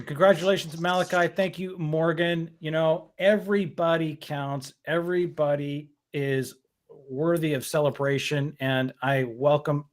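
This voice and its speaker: Effusive upbeat male show host. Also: fairly high pitch. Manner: enthusiastic, effusive welcomes and congratulations. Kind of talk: online community show, casual.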